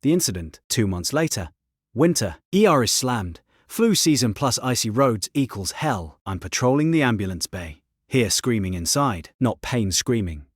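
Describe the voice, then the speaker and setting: Man, story narrator, husky low voice, lively pitch, clipped delivery. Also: normal speed, no room sound, studio quality. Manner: terse clipped sentences. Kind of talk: scripted first-person narration.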